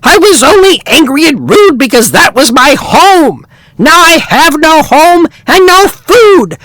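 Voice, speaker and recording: Storybook bird: man putts on a tiny, grumpy, high-pitched shrieker, dry close sound. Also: very animated, unhurried, a bit bright, no room sound, exaggerated voice. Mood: sad. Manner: shrill and shrieking. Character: small, grumpy, territorial male bird.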